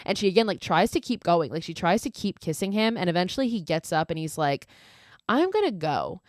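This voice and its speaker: A woman's voice: fairly low pitch, fast talker, dry recording, clean studio sound. A young woman hosting a podcast, casually retelling a horror film's plot in a chatty style full of fillers and quoted lines. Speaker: podcast host. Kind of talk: casual film recap.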